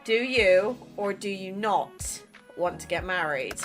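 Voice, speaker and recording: A woman's voice: medium pitch, expressive, slow, faint music behind, voice pushed down. A woman reading the lines of a bold, playful young heroine in a romance game, teasing and pressing with questions. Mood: insistent.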